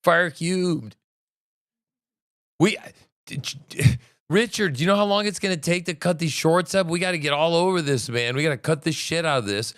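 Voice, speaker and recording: A man hosting a livestream, reacting to a meeting with excitable, profane commentary that swings between loud outbursts and muttering. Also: on the high side, fairly quick, no room sound, studio quality. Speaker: livestream host.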